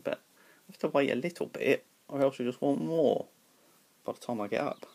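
Gravelly, chatty man at home. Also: mid-range voice, a little fast, darkish tone. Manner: chatty, affectionate, laughing often. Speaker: pet owner vlogger. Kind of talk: casual home video chat. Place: at home, early morning, still in bed. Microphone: tablet camera.

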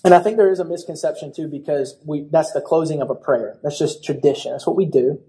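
A young man preaching a church sermon, telling a story in a lively, casual way and acting out the voices of people in it. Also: on the high side, fast. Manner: animated storytelling with acted-out voices. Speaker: pastor.

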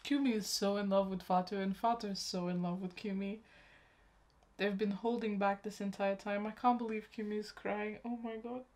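A woman's voice: mid-range voice, fairly even intonation, moderate pace, darkish tone. A young woman hosting a reaction vlog, gushing and emotional as she talks to her viewers like friends. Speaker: YouTube reaction host. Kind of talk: excited casual reaction vlog.

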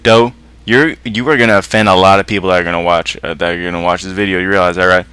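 A man's voice: sits low, steady tone, fast talker, sharp tone, clean tone, no echo. A man giving playful gaming commentary and bantering with a dog puppet. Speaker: gamer.

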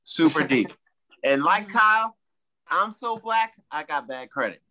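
A man's voice: a little high, animated, unhurried, pushed and bright. A man hosting a bar comedy night, hyping up the last comic and repeating his praise. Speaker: comedy show host. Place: small bar stage.

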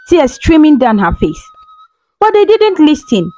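Lady telling a folktale, high animated voice, soft music under it. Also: takes it slowly, rough recording. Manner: dramatic, emotive. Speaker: storyteller. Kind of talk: scripted folktale narration. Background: faint music.

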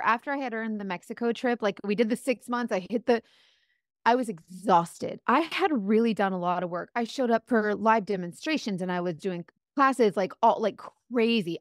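A woman guest telling a faith-filled personal story in an earnest, animated way, often saying "like". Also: on the high side, moderate pace, no room sound, studio quality. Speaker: guest, makeup seller.

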